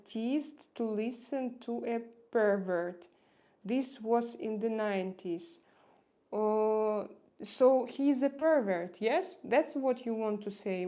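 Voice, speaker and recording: A woman's voice: a little high, warm tone. A woman with a Russian accent hosting a casual livestream, chatting hesitantly with viewers and searching for words with many fillers. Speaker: livestream host.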